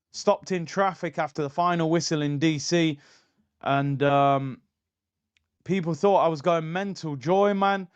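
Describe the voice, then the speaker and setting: Excitable slangy fan host. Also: male voice, fairly high pitch, clean tone. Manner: excitable and slangy, fast shifts between calm and fired-up. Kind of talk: live-stream chat reading viewer messages.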